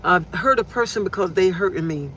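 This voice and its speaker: A woman's voice: fairly low pitch, lively intonation, fairly quick. A woman hosting a casual inspirational live stream, talking earnestly and repeating her phrases, recorded on a phone outdoors. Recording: noisy outdoor traffic background.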